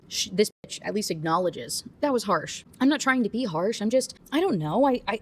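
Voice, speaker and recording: A woman's voice: fairly high pitch, expressive, a little fast, hardly any pauses. A young woman giving a casual, chatty book review rant, full of asides and fillers.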